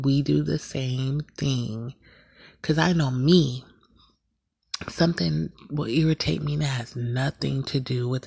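A woman hosting her own podcast in a casual, candid chat, laughing at herself now and then, talking quietly at night in a shared house. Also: deep voice, gravelly, husky, no echo. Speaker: podcast host.

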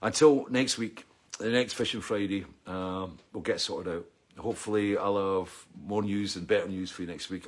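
A middle-aged man with a Scottish accent, hosting a weekly video chat and ranting with plenty of swearing. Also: sits low. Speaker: vlog host.

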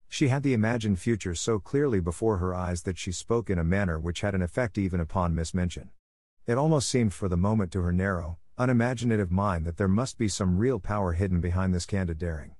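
A man narrating an audiobook in a steady, measured way. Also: deep voice, no echo, clean studio sound. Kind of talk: scripted narration.

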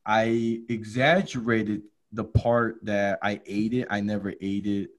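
A man hosting a podcast, telling a comedy story and acting out the voices in it. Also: measured pace. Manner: lively, acts out quotes with big jumps in pitch. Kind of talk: animated storytelling chat.

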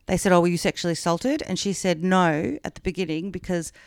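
Chatty Australian woman, smooth low voice. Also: a little fast, no echo, clean studio sound. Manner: chatty, frank, swears, many fillers. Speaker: podcast co-host. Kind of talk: casual chat, retelling a true-crime story.

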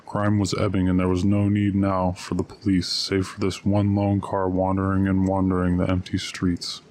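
A man reading a short story aloud, narration and dialogue in one steady, low-key voice. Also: normal speed.

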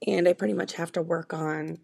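This young adult podcast co-host has a fairly low, steady voice that's creaky, slightly rough and a bit mellow, and she talks fairly quickly. In casual chat she speaks openly and earnestly, often backing up to restart sentences.

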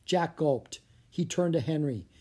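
An audiobook narrator reading a children's adventure aloud, steady and clear, shifting slightly into each character. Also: mid-range voice, a little slow. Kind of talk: storybook read-aloud.

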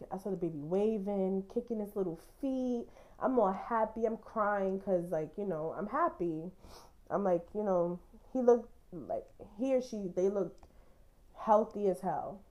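A woman's voice: medium pitch, dark tone. A young woman hosting a podcast, telling a personal story in a blunt, candid way and swearing casually. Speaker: podcast host.

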